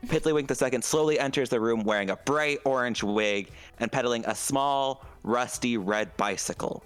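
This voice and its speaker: A man's voice: mid-range voice, moderate pace, clean tone, soft background music. A man running a tabletop game as game master, narrating the scene in a playful, dramatic way full of puns.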